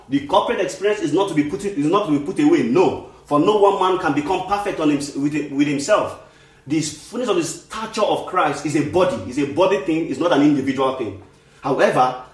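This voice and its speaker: Male preacher, earnest and repetitive, slightly high voice, echoey room. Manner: earnest, repetitive, restarts phrases for emphasis. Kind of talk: sermon.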